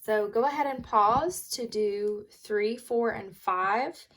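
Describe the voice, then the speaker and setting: A young woman teacher giving a recorded reading lesson to young students, slowly and clearly sounding out words and walking through worksheet answers. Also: mid-range voice, fairly bright tone.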